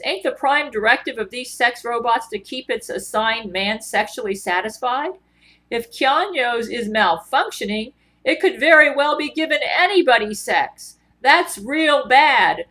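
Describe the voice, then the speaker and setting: A woman's voice: a little high, animated, unhurried, fairly bright tone, pitched above the performer's own voice. A woman doing a folksy male judge. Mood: worried. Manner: folksy, drawling, exclaiming.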